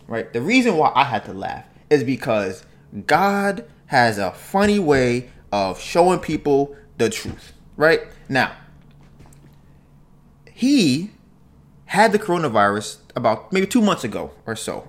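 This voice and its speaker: A man hosting a podcast, telling a story in a casual, animated way and tagging phrases with "right?". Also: mid-range voice, unhurried. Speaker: podcast host.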